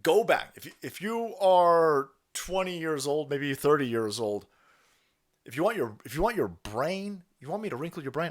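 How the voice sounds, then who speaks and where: A middle-aged man hosting a livestream, ranting crudely and loudly, laughing and mocking people in put-on voices. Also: on the high side, expressive, normal speed. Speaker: livestream host. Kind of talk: profane rant to chat.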